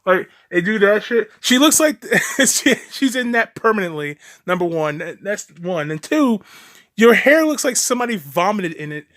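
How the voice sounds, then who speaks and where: A man's voice: high voice, big pitch swings, normal speed, a bit bright. A man doing a reaction commentary, profane, sarcastic and mocking, rambling with restarts and laughs.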